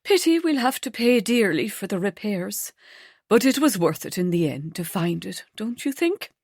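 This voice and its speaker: A woman narrator voicing an older grandmother who speaks slowly, calmly and reassuringly. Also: medium pitch, husky, no echo, studio quality. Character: warm, wise grandmother, Sylvia.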